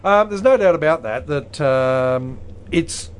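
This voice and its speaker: An Australian man co-hosting a comedy show, talking in deadpan mock-serious banter and breaking into loud mock singing. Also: slow pace. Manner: deadpan, lively rising pitch, bursts into loud mock singing. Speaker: comedy co-host.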